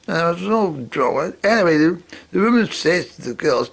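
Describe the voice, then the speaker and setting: A man rambling through a personal story, expressive and swearing now and then. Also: on the high side, unhurried, vocal fry.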